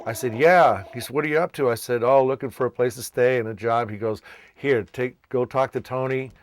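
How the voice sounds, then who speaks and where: A man's voice: medium pitch, a little fast, slight background noise. A man from Massachusetts, a children's entertainer, casually telling his life story and acting out the voices of people he met. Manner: animated, acts out quoted voices.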